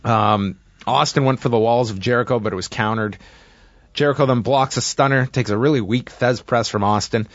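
A man casually recapping a wrestling match play by play, with steady narration and frequent fillers. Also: medium pitch, normal speed, no room sound, highs cut off.

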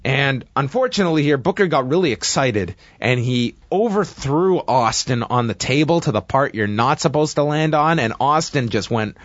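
A man casually recapping a wrestling match play by play, with steady narration and frequent fillers. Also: medium pitch, moderate pace, hardly any pauses, no echo, dull audio.

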